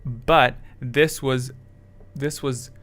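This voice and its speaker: A man's voice: medium pitch, steady tone, drawn-out words, a bit bright. A man chatting casually with his live chat as a streamer, rambling and self-deprecating, with English that is not his first language.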